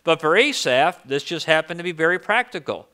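A man's voice: on the high side, expressive, brisk, sharp tone, smooth. A male pastor giving a conversational sermon, often repeating words as he restarts phrases.

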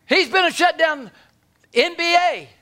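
Folksy, animated preacher man. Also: very high-pitched, moderate pace. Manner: folksy, animated preaching with big swings from loud to hushed. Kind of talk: sermon.

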